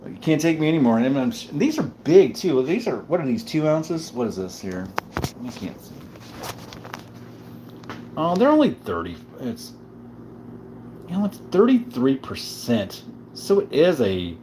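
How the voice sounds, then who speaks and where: A tipsy man rambling through a casual livestream chat, joking loosely and filling gaps with ums and likes. His voice sits at an ordinary middle pitch, with a faint hiss of noise underneath. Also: big pitch swings, unhurried, pauses often, mellow. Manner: rambling, joking, tipsy banter with frequent fillers. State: a bit drunk. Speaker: livestream host.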